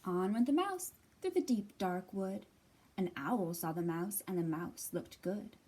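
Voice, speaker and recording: Librarian storyteller, woman, slow and sing-song, mellow breathy tone. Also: mid-range voice, lively intonation. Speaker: children's librarian. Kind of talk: picture-book read-aloud.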